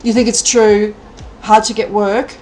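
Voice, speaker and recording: A middle-aged Australian woman chatting casually on a live stream, animated and thinking aloud. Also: medium pitch, measured pace, a little hiss or hum, rough recording.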